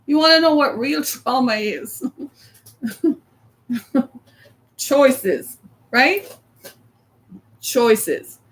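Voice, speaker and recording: A woman's voice: sits high, expressive, very slow, long pauses. A middle-aged woman giving a motivational talk to an audience, emphatic, often repeating one key word and acting out quoted lines. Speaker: speaker.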